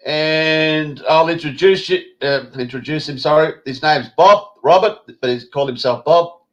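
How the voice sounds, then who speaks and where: A man's voice: a little high, normal speed, dull audio. A man hosting a live-stream chat, rambling and swearing casually. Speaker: host.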